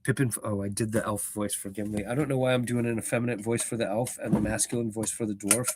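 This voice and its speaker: A man with a rough, roughened voice reading a book aloud and chatting casually on a live stream. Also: on the low side, steady tone, fast talker, hardly any pauses, heavy background noise. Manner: chatty and self-deprecating, with fillers.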